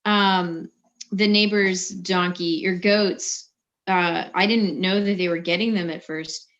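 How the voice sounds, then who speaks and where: Woman, low voice, chatty storyteller, lo-fi call audio. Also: steady tone, takes it slowly, fairly bright tone. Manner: chatty, storytelling with quoted asides. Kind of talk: casual video-call chat. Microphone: phone or video call.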